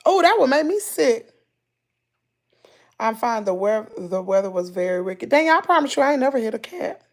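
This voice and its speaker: A woman with a Mississippi Southern accent chats casually with her livestream viewers, telling stories in country slang. Her voice sits high and carries a gravelly fry. She talks in an animated way and answers comments as she reads them. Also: moderate pace. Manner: animated storytelling, loud laughter, country slang. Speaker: livestream host.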